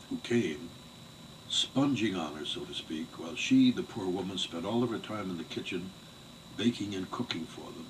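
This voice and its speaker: An older man giving an oral history interview, telling family memories in a measured, digressive way. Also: low-pitched. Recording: distant mic with faint background noise.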